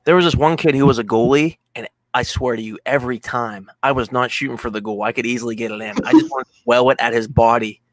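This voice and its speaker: A man of middle pitch trading stories in a casual podcast chat. He talks in a loose, profane way and acts out his anecdotes. The sound is dry, with no room around it. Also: quick pace, hardly any pauses, dry recording. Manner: profane, animated storytelling. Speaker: guest co-host.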